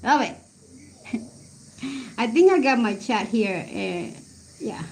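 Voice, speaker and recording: A woman's voice: a little high, sing-song, takes it slowly, vocal fry, a little mellow, slight background noise. A woman in her forties from Colombia, a livestream host chatting casually, laughing often and reminiscing while she reads the live chat.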